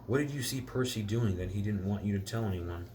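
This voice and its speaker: A man's voice: fairly low pitch, a little fast, mellow, slight background noise, close to an everyday voice. A man reading a modest young boy wizard. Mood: plain. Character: brave young schoolboy wizard, dry and modest. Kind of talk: reading a storybook aloud.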